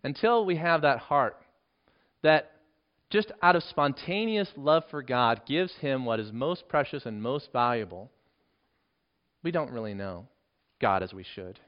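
A man preaching a sermon with earnest emphasis, dropping to a hushed voice for key points. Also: medium pitch, expressive, unhurried, pauses often. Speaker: pastor. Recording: dull lo-fi sermon recording.

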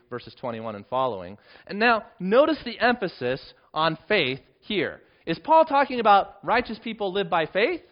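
A man preaching a sermon and teaching from scripture, with emphatic rises and drops in pitch and volume. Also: highs cut off. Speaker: pastor.

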